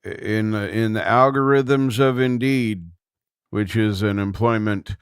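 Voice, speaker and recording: A man's voice: on the low side, slow, clean tone, no room sound. A middle-aged man hosting a casual livestream from a room at home, rambling easily and thinking aloud. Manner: rambling, easygoing, thinks aloud with many restarts. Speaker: livestream host.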